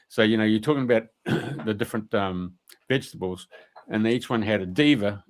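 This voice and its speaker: A man's voice: on the low side, normal speed. A man telling a rambling anecdote on a radio talk show, colloquial and full of fillers. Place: radio studio.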